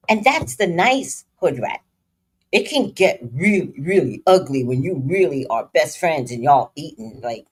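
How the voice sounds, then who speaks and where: A woman from New York telling casual stories in a blunt, profane, animated way. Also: low voice, moderate pace, breathy edge. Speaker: vlogger. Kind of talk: casual storytelling commentary.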